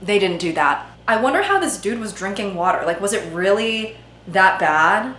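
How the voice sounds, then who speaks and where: A woman's voice: medium pitch, expressive, moderate pace, fairly bright tone, a little hiss or hum. A woman hosting a comedic commentary video, sarcastic and playful in her delivery. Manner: sarcastic, playful, slips into mock voices. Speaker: YouTube host. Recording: echoey room with faint music.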